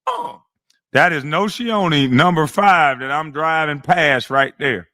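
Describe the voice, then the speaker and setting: A man's voice: a little high, unhurried, sharp tone, dry recording, studio quality. A man in his forties trash-talking and bragging over old game footage, boastful, often laughing and calling people "boy". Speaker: former basketball player reacting to game clips. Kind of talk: profane trash-talk commentary over video.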